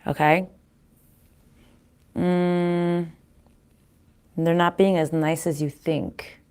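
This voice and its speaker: A woman giving a casual tarot reading to viewers, pausing to consult spirits aloud and often restarting her sentences. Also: lowish voice, flat delivery, a little mellow, clear, resonant tone. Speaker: tarot card reader.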